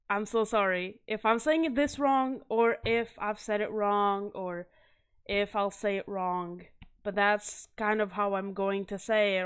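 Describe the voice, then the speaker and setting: A woman's voice: mid-range voice, clear, resonant tone. A woman hosting a casual video review of comic art, chatty and enthusiastic, often stopping to correct herself and laugh nervously. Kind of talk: casual chat.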